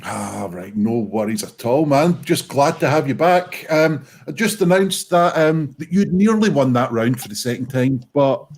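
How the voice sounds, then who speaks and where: A man's voice: medium pitch, expressive, moderate pace, hardly any pauses, a little mellow. A British man hosting an online pun contest, announcing scores and calling on players in a jokey, casual way. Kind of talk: casual online comedy chat.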